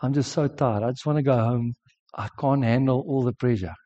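A South African man quoting a tired, upset teenage schoolgirl in a quiet voice. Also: medium pitch, brisk, lo-fi sound, natural voice.

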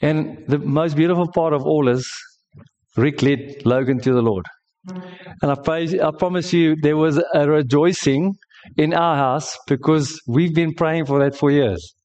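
Middle-aged male pastor from South Africa, storytelling sermon, lively, fairly high voice, restarts and repeats as he goes. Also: measured pace, highs cut off. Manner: animated, with repetitions and restarts.

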